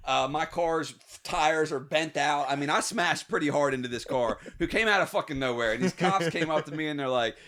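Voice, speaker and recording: A man hosting a podcast, telling wild stories from his youth in a casual, swearing, animated way. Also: fairly high pitch, fairly quick, hardly any pauses. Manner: profane, animated anecdote-telling with laughs. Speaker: podcast host. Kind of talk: casual storytelling.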